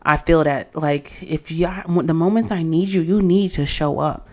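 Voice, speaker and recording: A woman's voice: normal speed, warm tone. A woman giving a casual, sassy recap of a reality dating show, acting out quotes from the cast as she goes. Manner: sassy, acts out cast quotes with rising pitch.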